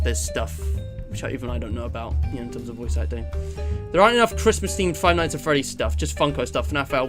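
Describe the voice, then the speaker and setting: A man from England chatting casually on a live stream, rambling with lots of fillers and self-deprecating asides. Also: mid-range voice. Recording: music playing under the voice.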